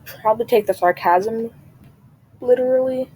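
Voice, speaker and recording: A woman's voice: fairly high pitch, normal speed, darkish tone, slight background noise, poor audio. A woman vlogger in casual chat, rambling and chatty, often trailing off and restarting her sentences.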